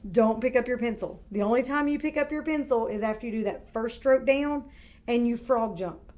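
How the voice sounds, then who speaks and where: A woman teaching a kindergarten video lesson, speaking slowly and clearly and stretching out words for young children. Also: a little high, darkish tone.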